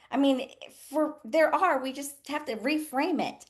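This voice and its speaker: Animated profane woman coaching live. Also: high-pitched, unhurried, hardly any pauses. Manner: frank and profane, laughing often; animated, voices others in quotes. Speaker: nurse coach and live session host. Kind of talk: casual livestream coaching talk.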